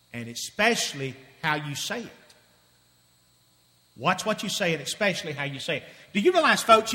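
A man preaching a sermon in a high, bright, ringing voice. He hammers his points with repetition and drops suddenly from loud declarations to near-hushed asides. His voice carries a long echo, as if recorded in a large church sanctuary. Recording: long reverb of a large hall.

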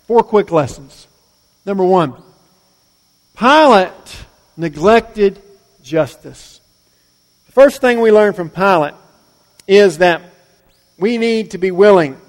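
A male pastor preaching a sermon. He swings between loud, emphatic lines and quiet, low asides. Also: long reverb tail.

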